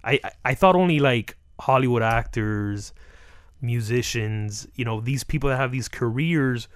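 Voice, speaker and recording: A man in a casual interview, telling comic stories and slipping into short acted-out quotes. His pitch sits in the middle and jumps around. The sound is dry and close. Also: unhurried, smooth, no room sound. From South Florida. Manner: animated, acts out quotes with laughs. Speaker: comedian guest.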